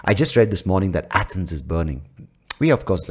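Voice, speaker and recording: Low, lively Indian man rambling. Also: quick pace, vocal fry, husky. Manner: rambling, crude, self-mocking. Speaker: podcast host. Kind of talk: solo comedic podcast monologue. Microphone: studio mic with pop filter.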